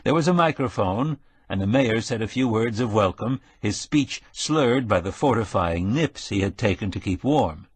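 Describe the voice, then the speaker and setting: A man narrating a mystery audiobook in a measured, steady storytelling manner. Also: lowish voice, husky, no room sound. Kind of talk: scripted narration.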